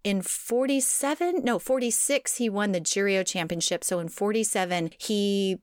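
A woman's voice: medium pitch, moderate pace, no echo. A woman in casual conversation, walking a friend through a long story with asides and laughter. Her voice sits mid-range, recorded close and dry with no room sound. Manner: storytelling, laughing, lively digressions. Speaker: podcast co-host telling a sumo history. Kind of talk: casual chat.

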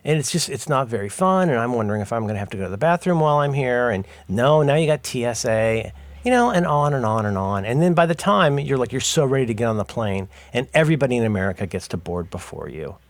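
A man's voice: mid-range voice, very animated, fast, dry recording. A middle-aged man co-hosting a podcast, chatting casually in rambling, self-interrupting, jokey stories. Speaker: podcast co-host. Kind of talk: casual chat.

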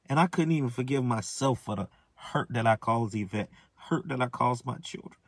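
A man's voice: mid-range voice, no echo. Man giving an emotional testimony, lots of stammers and repeats, dry close mic. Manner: halting, repetitive, many restarts and stammers.

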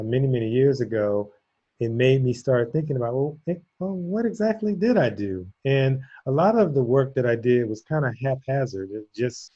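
A man's voice: medium pitch, mellow. Male host, casual reflective storyteller, muffled lo-fi audio. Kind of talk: casual conversation. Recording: dull lo-fi audio.

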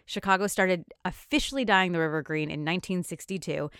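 A woman's voice: fairly low pitch, a little fast, fairly bright tone, clean tone, no echo, clean studio sound. A woman hosting a history podcast, upbeat and chatty as she tells researched stories and laughs easily. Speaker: podcast host. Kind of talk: casual podcast chat, reading researched history.

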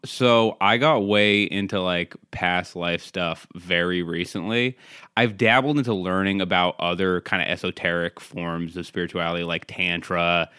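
A man's voice: sits low, steady tone, moderate pace, bright, forceful tone, smooth, dry recording. A man chatting as a guest on a podcast, laid-back and wry, telling stories with dry jokes. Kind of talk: casual podcast chat.

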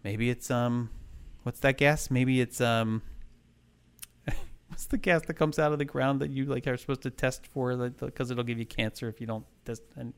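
A man's voice: mid-range voice, steady tone, normal speed, smooth. A man in casual chat, telling a ghost story in a rambling way, full of fillers and restarts.

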